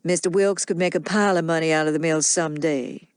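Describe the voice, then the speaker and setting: A woman voicing a smooth, crafty grown man who coaxes and persuades without hurrying. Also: deep voice, steady tone, fast, dry recording, close to an everyday voice. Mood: persuasive.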